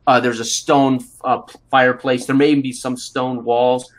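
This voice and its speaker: A man's voice: mid-range voice, flat delivery. A man running a tabletop role-play game as game master, narrating scenes with many fillers and restarts. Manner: halting, full of fillers and restarts.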